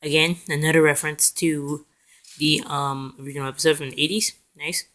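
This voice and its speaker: A man's voice: on the high side, little pitch movement, sharp tone. Rambling young guy recapping a cartoon. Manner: rambling, full of fillers and self-corrections; acts out characters' lines in quick voices. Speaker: cartoon episode reviewer. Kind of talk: casual recap.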